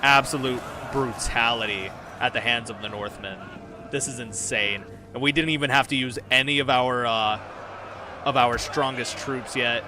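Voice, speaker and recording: A man giving excited, casual commentary on a battle while streaming a game. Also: medium pitch, noisy background. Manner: excited, swears, lots of fillers. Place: home room.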